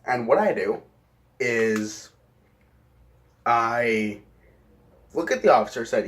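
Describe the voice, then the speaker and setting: A man's voice: on the low side, animated, moderate pace, pauses often, a bit bright. A young man casually telling a rambling story, swearing often and correcting himself mid-sentence. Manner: profane, rambling, self-correcting.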